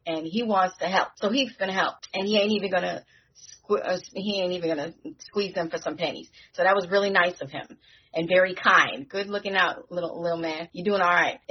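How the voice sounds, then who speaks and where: A woman co-hosting a podcast who recaps a TV show in casual chat, telling the story in an animated way with slang. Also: lowish voice, brisk, husky. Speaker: podcast co-host. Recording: dull lo-fi recording.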